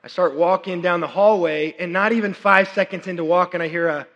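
A man in his thirties, a worship pastor preaching a sermon, chatty and animated with many fillers and restarts, audibly unwell and working to clear his throat. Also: sits high, fairly quick, muffled recording. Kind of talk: sermon with personal storytelling. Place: church service. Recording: long reverb of a large hall.

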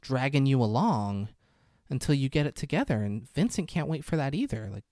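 A man's voice: mid-range voice, sing-song, brisk, darkish tone, dry recording, studio quality, pitched above the performer's own voice, lightly acted. A man voicing a worried young mother, earnest and insistent, while retelling a movie scene. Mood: earnest pleading.

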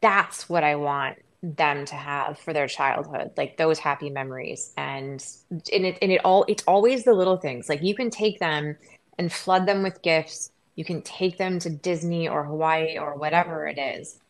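A low-voiced middle-aged woman from Wisconsin chats as a guest on an interview show. She talks fast and loosely, piling up "like" and starting sentences over. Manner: chatty, quick, many likes and restarts. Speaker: guest, sports anchor. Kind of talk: casual interview chat.

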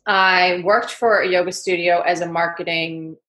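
A chatty, energetic woman with a New York accent tells her story as an interview guest, rambling casually. Her voice is fairly low and moves at normal speed.

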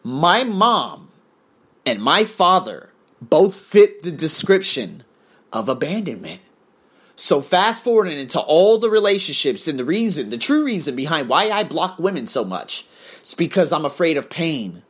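A man's voice: fairly high pitch, big pitch swings, measured pace, fairly bright tone, breathy edge. A man telling a blunt, profane personal story in a confessional monologue.

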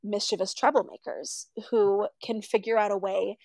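A woman's voice: mid-range voice, moderate pace, vocal fry, no echo, poor audio. A woman telling a story casually, acting out the people she quotes. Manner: animated, acts out quoted voices.

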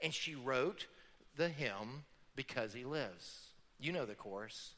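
A man's voice: mid-range voice, lively intonation, slow pace, sharp tone. A middle-aged man preaching a sermon as pastor in a church, emphatic, with rhetorical questions. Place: church sanctuary. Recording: long church hall reverb.

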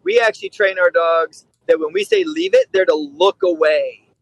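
A man who trains dogs, talking over a remote call in a lively, emphatic way and acting out what people say. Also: high-pitched, moderate pace, gravelly, no room sound, rough recording. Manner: animated, acts out quoted voices and swears for emphasis. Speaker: dog trainer. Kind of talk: casual conversation.

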